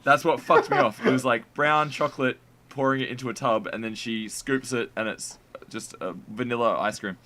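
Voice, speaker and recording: A man co-hosting a comedy podcast, animated and swearing constantly as he rants. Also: medium pitch, moderate pace. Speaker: podcast co-host. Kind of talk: casual comedy podcast chat.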